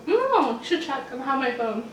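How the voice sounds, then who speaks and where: A young woman talks casually while eating at home, rambling in a laid-back way. Her voice sits a little high. The sound is roomy and comes from a mic set some way off, with a faint hiss beneath. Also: sing-song, fast, fairly bright tone, recorded from a distance. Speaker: mukbang host.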